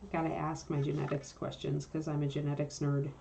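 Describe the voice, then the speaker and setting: Chatty woman livestream host, lowish voice. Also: little pitch movement, brisk, creaky, slight background noise. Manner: chatty, breaks off to coo at her dog in a soft high voice. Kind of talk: casual livestream chat.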